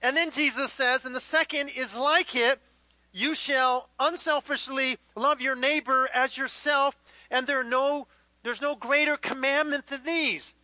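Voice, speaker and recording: Male pastor, high and sharp-toned, chatty sermon delivery, dry close sound. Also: fairly even intonation, measured pace, dry recording, low-quality recording. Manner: conversational, acts out little dialogues with the congregation. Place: church hall with live congregation.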